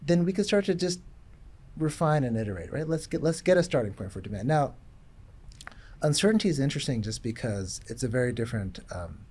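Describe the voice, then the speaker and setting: Man, panel guest, thoughtful, halting speech, many restarts and fillers. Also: mid-range voice, lively intonation, darkish tone, slightly rough. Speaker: guest tech executive. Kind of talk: casual panel discussion.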